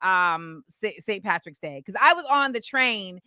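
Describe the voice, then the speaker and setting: A woman hosting a casual livestream talk show, talking in an animated, sing-song way and reading out viewers' shout-outs. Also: medium pitch, measured pace, dry recording. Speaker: host. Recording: music playing behind the voice. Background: music.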